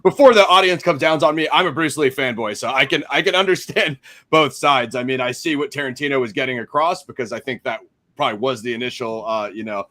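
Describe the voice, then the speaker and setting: A man's voice: medium pitch, brisk, pushed and bright. A man hosting a casual film-review chat, laid-back and slangy, with lots of fillers. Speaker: podcast host.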